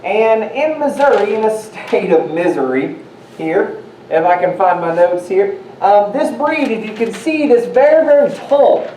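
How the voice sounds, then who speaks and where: Brief: a man playing a mellow, folksy presenter with a rambling delivery, faint background noise. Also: sits high, big pitch swings, normal speed. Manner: folksy, rambling, shuffling notes. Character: folksy male presenter back from travels. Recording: roomy, distant mic, faint noise.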